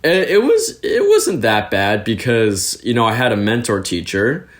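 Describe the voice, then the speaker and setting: A young man from California, a podcast guest, telling stories in a chatty, animated way with plenty of fillers. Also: mid-range voice, unhurried. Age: young adult. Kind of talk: casual interview storytelling.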